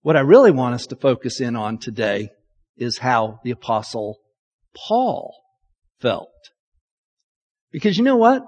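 A man's voice: medium pitch, big pitch swings, unhurried, long pauses, darkish tone, husky. A man, a pastor, preaching a conversational sermon in a candid, self-deprecating, chatty way. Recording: long reverb of a large hall.

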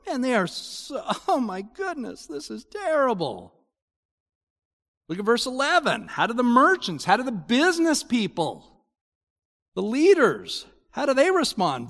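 Animated male preacher in a reverberant hall. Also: high-pitched. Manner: animated, exclaiming, mock-complaining asides. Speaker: pastor. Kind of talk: expository sermon.

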